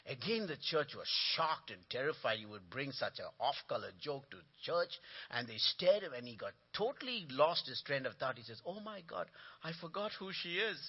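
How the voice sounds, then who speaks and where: A man's voice: medium pitch, moderate pace, few pauses, breathy edge, muffled recording. A man preaching as a guest speaker in a church, telling jokes and calling out to the congregation. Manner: animated storytelling with punchlines and congregation call-and-response. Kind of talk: sermon. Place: church sanctuary.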